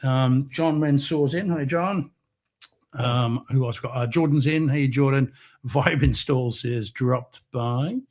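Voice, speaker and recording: A man's voice: mid-range voice, slow pace, darkish tone. A man co-hosting a live podcast, easygoing and friendly as he greets viewers in the chat. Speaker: podcast co-host.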